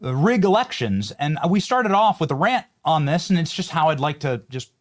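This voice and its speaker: A man hosting a political talk show, asking his guest pointed questions in an animated way. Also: on the high side, normal speed. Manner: animated, rhetorical wrap-up questions. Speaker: host.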